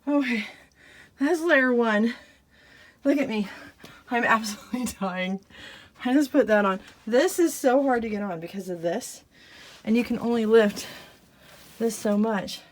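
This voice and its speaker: Her voice is fairly high, unhurried and full of pauses. Inside a small RV, she talks casually to the camera while doing chores, chatty, giggling at herself and winded from the work.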